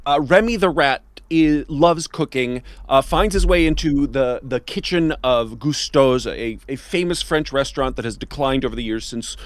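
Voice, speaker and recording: A man's voice: mid-range voice, moderate pace, few pauses, no echo. A man hosting and narrating a live tabletop role-playing stream, chatty and self-deprecating, laughing often. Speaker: host and narrator.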